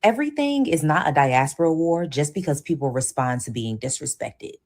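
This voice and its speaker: A woman host speaks with a low-pitched voice in firm, forceful video-essay commentary. She lays her points out deliberately and does not soften them. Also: lively intonation.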